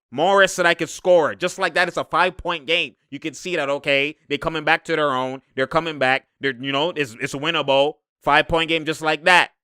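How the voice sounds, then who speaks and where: Sports commentator, male, bright and clear, excitable and slangy, dry close mic. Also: on the high side, no echo. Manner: excitable, laughs often, slangy, shouts at players. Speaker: sports commentator breaking down game film. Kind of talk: casual game breakdown commentary.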